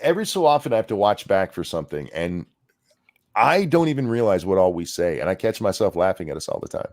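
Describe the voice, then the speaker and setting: Animated, profane joking man. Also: sits low, fast. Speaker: co-host of a political reaction stream. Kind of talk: casual live reaction chat.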